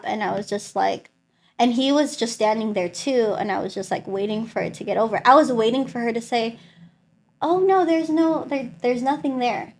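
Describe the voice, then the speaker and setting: A young woman sharing a personal faith testimony in an interview, telling her story in an animated way, acting out the voices of the people she quotes and saying "like" a lot. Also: fairly high pitch.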